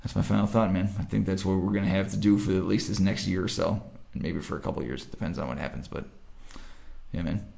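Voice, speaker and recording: A man with a low, gravelly voice hosts a casual sports podcast. He keeps it loose and joking as he steers the talk between friends. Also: fairly even intonation, fast, a little mellow. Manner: loose, joking, wraps up the show. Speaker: podcast host.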